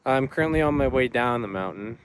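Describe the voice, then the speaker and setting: A man's voice: mid-range voice, animated, fairly quick, very noisy. Young man chatting upbeat on a trail. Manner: chatty, upbeat, rambling with fillers. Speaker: hiking vlogger. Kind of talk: casual vlog talk to camera. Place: outdoors on a mountain trail.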